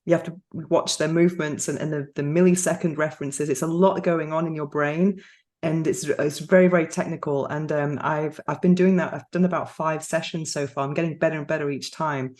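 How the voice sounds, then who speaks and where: A woman's voice: sits low, fairly even intonation, a little fast, darkish tone. A woman hosting a podcast, chatting casually, laughing often and restarting her sentences. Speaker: podcast host. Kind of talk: casual interview chat.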